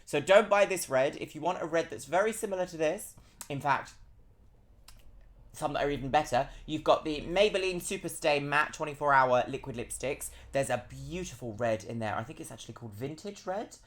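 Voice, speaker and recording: A woman streaming a game live, chatting casually and playfully, jumping now and then into high squeals. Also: expressive, a little fast.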